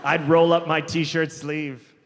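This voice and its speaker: A man's voice: on the high side, flat delivery. Man doing stand-up in a hall. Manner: deliberate, drawn-out storytelling with sudden quick asides. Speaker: stand-up comedian. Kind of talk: stand-up comedy set. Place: large theater stage. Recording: live comedy hall with long reverb, faint crowd noise.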